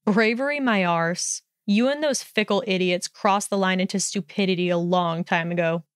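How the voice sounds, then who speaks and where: A woman's voice: fairly low pitch, normal speed, clear, resonant tone, no echo, clean studio sound, close to an everyday voice. A woman voicing a hot-tempered young male wizard in a storybook reading, snarling and sneering. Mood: scornful.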